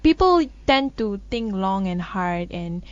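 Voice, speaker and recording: Speaking slowly with lively intonation, a Malaysian woman co-host banters sarcastically about the news in a mid-range voice. Frequent laughter and thinking-aloud restarts mark her delivery. The recording is dull and dry, studio-style.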